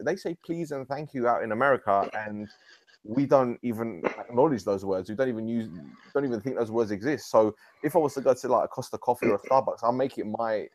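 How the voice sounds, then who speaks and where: A man with a mid-range voice chats casually as a show co-host, spinning animated travel stories full of slang and easy laughter. The sound is very dry, close and without room reflections. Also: medium pitch, no echo. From England. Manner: animated storytelling, laughs often, London slang. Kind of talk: casual podcast chat.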